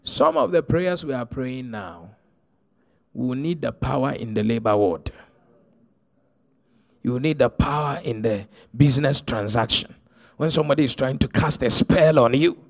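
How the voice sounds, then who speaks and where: A middle-aged man, preaching a sermon as pastor, telling stories and swinging from hushed to shouted. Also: fairly high pitch, gravelly.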